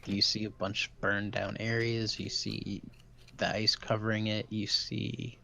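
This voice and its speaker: A man narrating as dungeon master of a tabletop game, describing scenes in a relaxed, halting way. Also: on the low side, creaky, a little hiss or hum.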